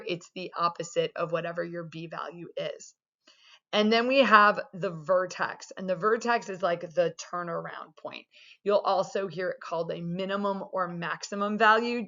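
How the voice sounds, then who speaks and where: A woman's voice: fairly low pitch, fairly bright tone. Chatty woman math teacher, lo-fi recording. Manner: casual, chatty explaining with many fillers. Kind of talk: recorded video lesson. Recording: dull lo-fi sound.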